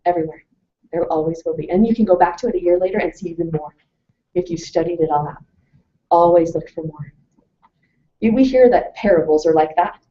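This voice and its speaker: A woman presenting a lively talk to a live audience, telling stories and asking questions. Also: fairly low pitch, a little fast, long pauses. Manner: animated storytelling, asks the audience questions. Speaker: webinar presenter. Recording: distant mic, muffled lo-fi sound.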